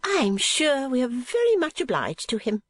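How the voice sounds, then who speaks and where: A man's voice: extremely high pitch, huge pitch swings, normal speed, fairly bright tone, no room sound, pitched above the performer's own voice, exaggerated voice. A man reading an audiobook, voicing a fussy, talkative middle-aged mother in a raised, swooping voice. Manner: rambling, flustered, swooping. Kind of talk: audiobook character voice.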